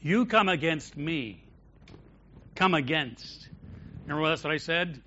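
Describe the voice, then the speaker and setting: Emphatic preaching man, bright voice. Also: on the high side, expressive, unhurried, muffled recording, a little hiss or hum. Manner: emphatic preaching, shifting from loud declarations to quiet storytelling. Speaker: pastor. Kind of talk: sermon. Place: church.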